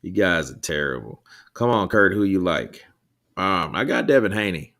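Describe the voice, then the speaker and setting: A man's voice: deep voice, expressive, normal speed, creaky, fairly bright tone. A man hosting a boxing livestream, chatting loosely with viewers, rambling, swearing and laughing between thoughts. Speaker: livestream host reading chat. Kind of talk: casual live chat commentary.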